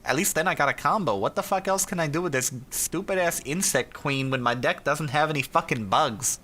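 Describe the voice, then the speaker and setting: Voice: mid-range voice, brisk, sharp tone. A podcast co-host grumbling and swearing in casual chat. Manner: profane, grumbling.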